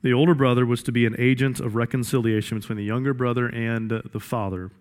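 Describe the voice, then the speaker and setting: A man's voice: medium pitch, steady tone, fast talker. A male pastor preaching a sermon in an emphatic style with lots of repetition. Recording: echoey hall reverb.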